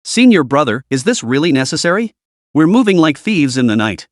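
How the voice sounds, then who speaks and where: Cast: skeptical young female disciple read by a man, hushed, slightly high, dry. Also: very animated, a little fast, no echo.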